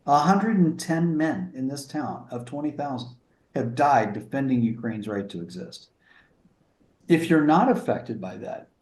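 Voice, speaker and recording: A man's voice: medium pitch, darkish tone. Earnest man in his sixties, echoey. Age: 60s. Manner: earnest, sober, halting. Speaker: guest. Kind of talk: interview conversation. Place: remote room in a small town.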